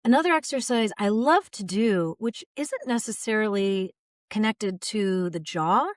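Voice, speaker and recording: A woman voice coach calmly guiding listeners through relaxation exercises, modeling sighs and open "ah" sounds. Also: mid-range voice, a little slow, no room sound, studio quality. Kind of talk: guided vocal exercise instruction.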